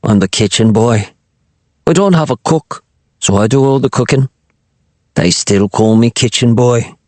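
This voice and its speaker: A man reading aloud and voicing a resentful young kitchen boy who speaks in a flat, annoyed, deadpan way. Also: mid-range voice, a little slow, no room sound, natural voice.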